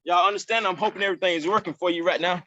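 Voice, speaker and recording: A man coaching football players in a virtual session, energetic and repetitive. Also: sits high, racing, no echo, lo-fi sound.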